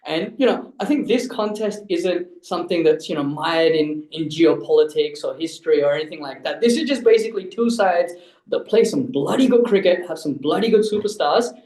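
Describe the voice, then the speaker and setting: Australian man, relaxed and slangy. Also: on the high side, brisk, echoey room, low-quality recording. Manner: laid-back, slangy, says "look" and "reckon". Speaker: co-host. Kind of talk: casual podcast chat. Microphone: video call from a workplace conference room.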